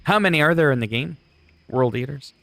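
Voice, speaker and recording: A man's voice: a little high, animated, fairly quick, creaky, sharp tone, no echo. Blunt man streaming. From Canada. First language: French. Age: 40s. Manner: blunt, profane, joking. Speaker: livestreaming gamer. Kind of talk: casual livestream chat.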